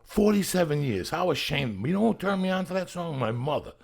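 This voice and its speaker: A man's voice: on the high side, sing-song, a little fast, vocal fry. A man in his fifties hosting a podcast, chatting casually in a boisterous, profane way. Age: 50s. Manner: boisterous, swears constantly, loud hype shouting. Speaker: podcast host. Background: rock music playing.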